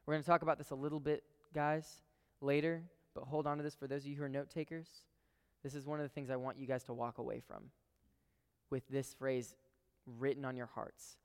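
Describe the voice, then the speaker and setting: A man's voice: medium pitch, level tone, a little fast, clear, resonant tone, big-room sound. A man preaching a sermon in a casual, emphatic way, talking straight to his listeners and repeating phrases for stress.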